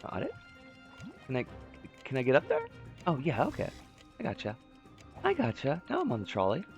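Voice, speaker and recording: A man streaming a game chats casually in a rambling, jokey way, his voice swooping through huge pitch swings. He speaks at a moderate pace, with faint music behind him.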